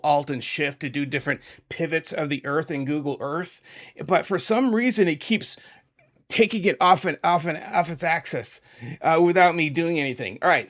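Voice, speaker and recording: A man's voice: a little high, fairly bright tone. A middle-aged man from New England hosting his channel, chatting casually and rambling into asides and self-corrections while talking over a map. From New England, USA. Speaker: YouTube music channel host.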